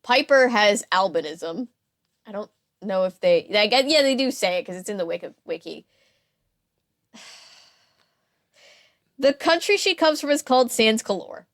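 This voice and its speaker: A woman's voice: mid-range voice, lively intonation, normal speed, pauses often. A woman hosting a podcast, chatting casually about a novel in a sarcastic way, with frequent laughs and fillers. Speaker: podcast host.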